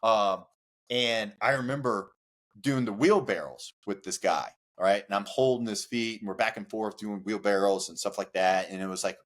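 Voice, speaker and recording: A man guest on a podcast, telling a rowdy story casually, with lots of "like" fillers, cursing and acted-out shouts. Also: on the low side. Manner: animated, profane, many "like" fillers, acts out shouts.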